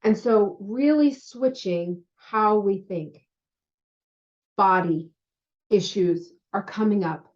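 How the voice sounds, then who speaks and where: A chatty woman speaks as a spiritual healer in a loose, conversational monologue, tossing in "you know" and "right?" as she goes. Her voice sits at a middle pitch. The audio is a bit dull and lo-fi. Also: takes it slowly, a little mellow. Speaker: spiritual healer and intuitive guide. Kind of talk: casual spiritual monologue to viewers.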